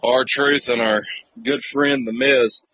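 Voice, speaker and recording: A man's voice: mid-range voice, fairly even intonation, slow pace, bright, forceful tone, slight background noise. A man co-hosting a podcast, casually recapping a wrestling show with lots of fillers and jokey asides. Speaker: podcast co-host. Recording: dull lo-fi dry recording.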